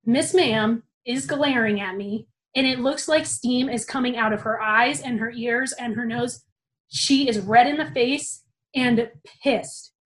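Animated young woman telling a story. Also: sits high, low-quality recording. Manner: animated, casual, swears freely. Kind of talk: personal storytelling.

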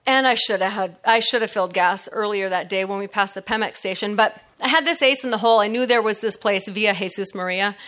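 A woman's voice: medium pitch, a little fast, few pauses, a bit bright. A middle-aged woman telling a personal story in a chatty way, laughing often and using lots of fillers.

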